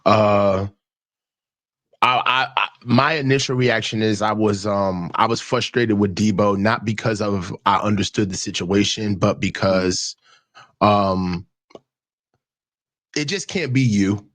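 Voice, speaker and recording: A man's voice: on the low side, takes it slowly, fairly bright tone, no room sound. A man who is a coach, speaking hesitantly on a sports talk show. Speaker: coach panelist.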